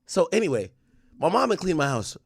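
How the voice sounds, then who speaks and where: A man chatting to his livestream audience in a casual, slangy way, with plenty of profanity. His pitch swings widely as he tells stories. The sound is dry and close. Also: fast talker, gravelly, slightly rough, no room sound. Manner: animated storytelling with slang and profanity. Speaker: streamer.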